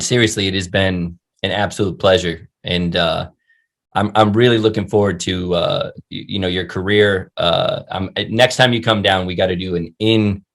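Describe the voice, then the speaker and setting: A young man hosting a podcast, chatting in a relaxed, joking way and swearing casually. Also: low-pitched. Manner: laid-back, swearing, jokey. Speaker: podcast host. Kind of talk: casual interview chat.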